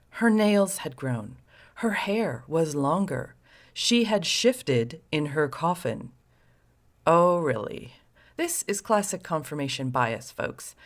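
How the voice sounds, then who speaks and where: A woman host narrating a scripted story with sardonic, wry asides to the listener. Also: lowish voice.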